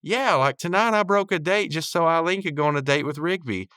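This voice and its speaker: A man's voice: a little high, brisk, fairly bright tone, clean tone, dry recording, studio quality, pitched above the performer's own voice, lightly acted. A man voicing a young female cartoon bird in a breezy, offhand way, in a raised voice.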